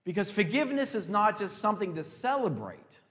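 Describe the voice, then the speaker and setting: A man with a high-pitched voice preaches, pressing hard on key words and then dropping to near-whispers that stretch out slowly. He leads the congregation in call-and-response. The sound carries a long reverb from a large hall. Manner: animated, swings between loud emphasis and hushed, drawn-out phrases. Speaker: pastor. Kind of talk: sermon.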